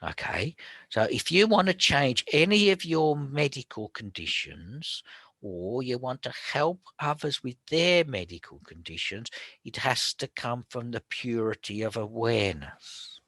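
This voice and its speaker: A man teaching about spiritual healing in a chatty, colloquial way, often dropping to a hushed whisper. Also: mid-range voice, expressive, unhurried, dry recording. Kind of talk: casual spoken teaching.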